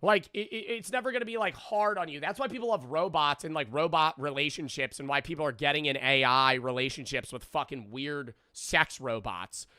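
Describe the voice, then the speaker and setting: A young man ranting through a casual stream reaction, sarcastic and swearing freely. His voice sits high for a man and comes across bright and crisp. The sound is close and dry, with no room around it. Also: a little fast, few pauses, no echo. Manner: swears a lot, rambling and sarcastic.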